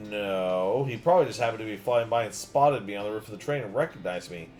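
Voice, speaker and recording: A man streaming a game, reading dialogue aloud with playful, animated commentary. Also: on the low side, quick pace, few pauses, faint music behind.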